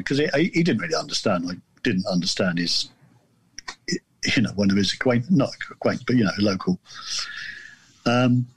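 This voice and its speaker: Telling a story in a casual chat, the guest author from southern England rambles, restarts haltingly and stays self-deprecating. His mid-range voice is animated with a breathy edge, and there's no echo.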